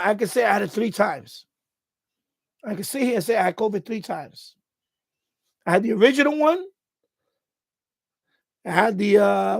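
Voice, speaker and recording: A man's voice: sits high, gravelly, dry recording. A man hosting a casual live stream from home, telling a story in a rambling way with many restarts. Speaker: radio hobby channel host. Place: at home, indoors.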